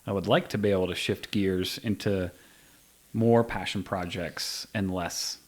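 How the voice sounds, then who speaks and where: A man in his forties hosting a podcast, talking in a relaxed way and trailing off softly at the ends of thoughts. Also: deep voice, a little slow. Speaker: podcast host. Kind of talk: casual conversation.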